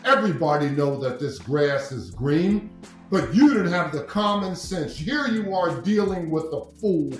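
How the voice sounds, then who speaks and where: A man's voice: on the high side, animated, unhurried, roomy sound, soft background music. A man voicing a stern male lion, king of the jungle, in a blunt, scolding manner.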